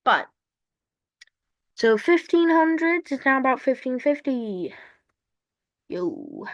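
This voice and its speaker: A woman's voice: high-pitched, sing-song, takes it slowly, pauses often, no echo, muffled recording. A woman giving casual, rambling commentary over a map, cracking jokes and playfully repeating words. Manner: playful, rambling, jokey asides; repeats words in sing-song fashion. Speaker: map video narrator.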